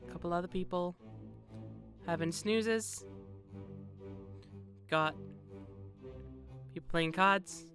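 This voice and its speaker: A woman's voice: on the low side, takes it slowly, pauses often, over music. A young woman streamer giving casual, joking commentary while playing a game, talking to herself and to her viewers. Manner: joking, wry, talks to herself and chat.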